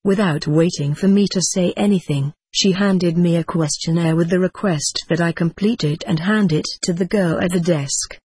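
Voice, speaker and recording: A woman narrating a first-person story in a measured, even way. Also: fairly low pitch, slightly rough, dry recording. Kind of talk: audiobook narration.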